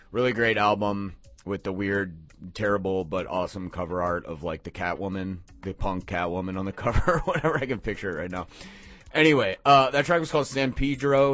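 Guy dj on late night radio, lowish voice, rambles and gets hyped, music faintly under it. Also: fairly bright tone. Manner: rambling, enthusiastic, goes off on tangents. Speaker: guest radio DJ.

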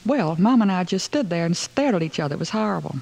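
A woman's voice: fairly low pitch, lively intonation, quick pace, vocal fry, a little mellow, poor audio. A woman narrating a story in the first person, with a wry, aggrieved storytelling manner.

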